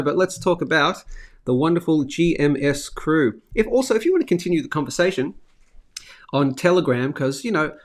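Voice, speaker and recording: A middle-aged Australian man hosts a live stream with a casual, upbeat patter. He reads out viewer comments and chats freely in a voice of ordinary pitch. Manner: chatty, upbeat, reads chat comments aloud. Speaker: host of a live finance show.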